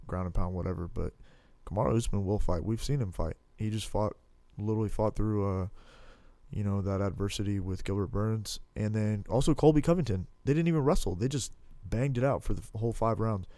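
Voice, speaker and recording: Young male podcast talker, low-pitched, dry close sound, loose and rambling. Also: fairly quick, a little mellow, no room sound. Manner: rambling, full of "like" and restarts, blunt and profane. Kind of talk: casual podcast chat about fighting.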